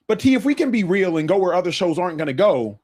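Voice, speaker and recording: Lively man on a sports debate panel. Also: high voice, fast. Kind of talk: sports debate show talk.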